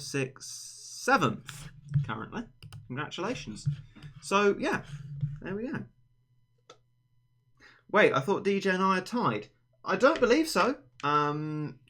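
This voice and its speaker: A man's voice: medium pitch, fairly bright tone. A young man hosting a casual livestream chat, rambling and teasing his friend in a playful way. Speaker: livestream host.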